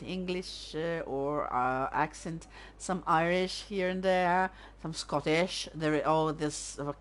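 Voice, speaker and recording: A woman's voice: deep voice, a bit bright. A woman streaming a video game, chatting casually and thinking aloud as she plays. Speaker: let's-play streamer. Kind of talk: casual gameplay commentary.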